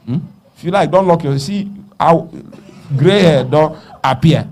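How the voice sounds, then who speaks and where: A man with a Nigerian accent preaching a sermon, dropping to hushed murmurs and rising to loud calls, asking the congregation to finish his sentences. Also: a little high, unhurried. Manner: call-and-response questions to the congregation.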